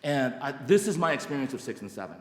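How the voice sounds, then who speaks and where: A man in his sixties from Alabama, telling his own recovery story at a meeting in an animated, self-mocking way, with many restarts and acted-out quotes. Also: mid-range voice, fast talker. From Alabama, United States. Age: 60s. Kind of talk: personal testimony talk. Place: large meeting hall. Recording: echoey hall reverb.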